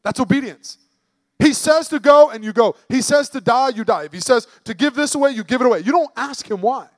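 A man's voice: extremely high pitch, dry recording. A man preaching a sermon in an emphatic, conversational way, putting rhetorical questions to the congregation.

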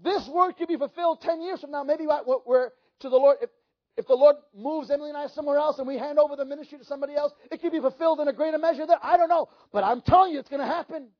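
A man telling stories in a sermon as a pastor, animated and acting out the dialogue himself. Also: extremely high pitch, very fast. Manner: animated, acts out quoted dialogue. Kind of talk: storytelling sermon. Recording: dull lo-fi recording.

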